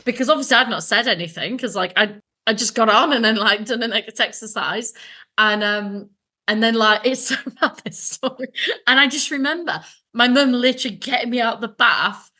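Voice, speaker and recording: A young Englishwoman with a fairly high voice co-hosts a podcast at a normal pace, chatting casually and telling anecdotes. She's animated, laughs a lot, and acts out the voices of people in her stories.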